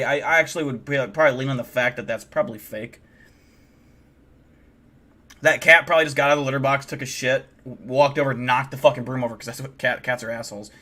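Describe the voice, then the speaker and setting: A man's voice: mid-range voice, sharp tone. A man hosting a live stream, reacting to a video in a ranting, profane, incredulous way. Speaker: streamer host.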